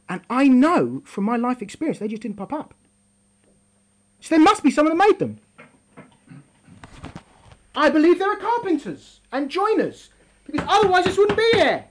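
A middle-aged woman teaching a lesson in an emphatic, animated way, full of rhetorical questions. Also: high-pitched. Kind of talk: lively classroom lesson.

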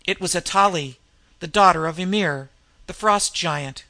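Fervent wild-eyed old warrior, read by a man, raised voice, gravelly grain. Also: high voice, normal speed, sharp tone, dry recording, full character voice.

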